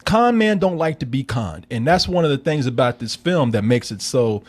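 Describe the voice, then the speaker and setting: A man hosting a casual film review, animated and profane, laughing often and acting out scenes. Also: medium pitch, normal speed.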